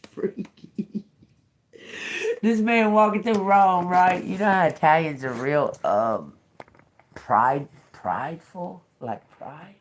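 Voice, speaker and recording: A woman's voice: on the low side, slow pace. A woman giving a casual livestream tarot reading to her viewers, chatty, laughing often and swearing freely. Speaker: tarot reader.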